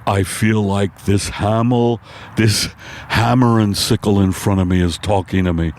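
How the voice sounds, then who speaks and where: A man voicing a stoned, panicky male talking horse in a comedy bit, with loud, drawn-out, dazed pleading. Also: lowish voice, fairly even intonation, slight background noise, voice pushed down.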